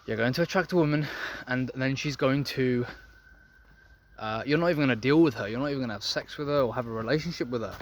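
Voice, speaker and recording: A man's voice: medium pitch, fast, slight background noise. A young man giving a blunt, profane, preachy monologue to camera, lecturing the men watching about dating. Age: young adult. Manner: blunt, profane, preachy, addresses viewers as gentlemen. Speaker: men's self-improvement vlogger.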